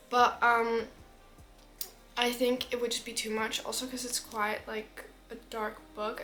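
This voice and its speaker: A woman's voice: on the high side, a bit bright. A teenage girl chatting casually about books, rambling and full of fillers. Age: teens. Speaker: book vlogger. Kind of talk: casual chat.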